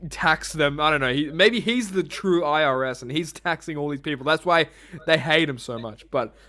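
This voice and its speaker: A man's voice: fairly high pitch, normal speed, sharp tone. Rambling, cursing male podcast co-host. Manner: rambling, swears freely, laughs at himself. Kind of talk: casual chat.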